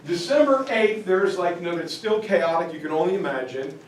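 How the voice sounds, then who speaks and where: A man giving a history lecture to parents, telling stories in a casual, lively way. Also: high voice, a little fast. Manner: casual, animated storytelling. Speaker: high school teacher giving a parent lecture. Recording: echoey room, distant mic, faint noise.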